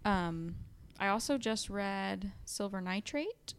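A woman's voice: mid-range voice, expressive, slow pace, smooth. A young woman co-hosting a podcast, chatting casually and retelling book plots with lots of "like" and "um". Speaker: podcast co-host. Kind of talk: casual chat.

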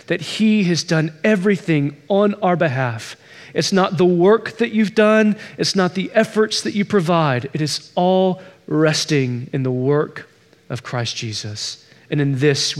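A man preaching as pastor, telling a story and pressing its point with emphatic repetition. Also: fairly high pitch. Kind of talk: sermon.

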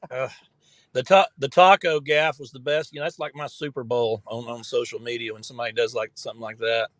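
A man's voice: mid-range voice, steady tone, a little fast, a bit bright, dry recording. A man in his late fifties, chatting casually and joking, often laughing and restarting his sentences. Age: 50s. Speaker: guest commentator. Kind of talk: casual political chat.

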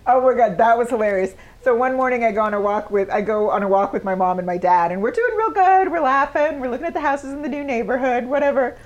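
A woman's voice: fairly high pitch, animated, fast, hardly any pauses, dull audio. A woman co-hosting a podcast, chatting casually and teasing her partner with dry corrections. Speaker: podcast co-host. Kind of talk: casual chat.

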